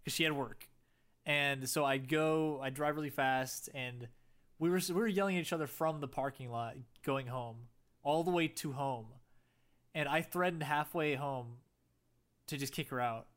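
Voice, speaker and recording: A man's voice: a little high, normal speed, a bit bright. A young man telling a rambling story in casual chat, laid-back, with many fillers.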